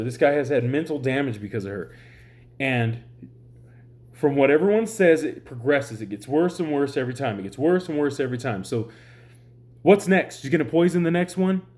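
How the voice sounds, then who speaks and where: Frustrated and running on no sleep, a man rambles through a heated vlog rant to his viewers, swearing repeatedly. The online commentator's voice is mid-range with a darkish tone.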